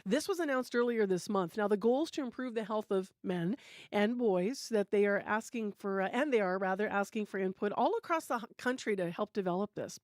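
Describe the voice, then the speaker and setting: Woman, morning radio host, casual, dry studio sound, mid pitch. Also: a little fast, no echo. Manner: relaxed, filler-heavy delivery. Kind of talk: live radio hosting and weather. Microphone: studio microphone.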